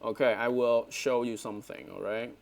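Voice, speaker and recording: A man's voice: mid-range voice, steady tone, moderate pace, creaky. Man teaching English online. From Vietnam. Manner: corrective, repeats words and frequent "all right?" checks. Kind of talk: online speaking lesson. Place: online video class. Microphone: headset.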